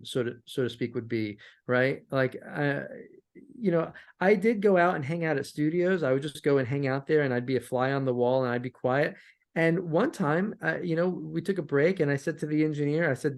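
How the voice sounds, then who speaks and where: A man guest on a podcast interview, telling stories from his music career in an animated way and often repeating words as he restarts. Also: fairly high pitch, fairly quick. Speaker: guest, sync licensing musician. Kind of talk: conversational interview answers.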